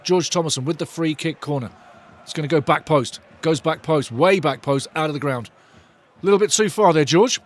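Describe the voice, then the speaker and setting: A man hosting a live football watch-along, commenting as a fan and talking to the viewers in chat. He gets excitable and loud and swears a lot. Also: fairly high pitch, a little fast.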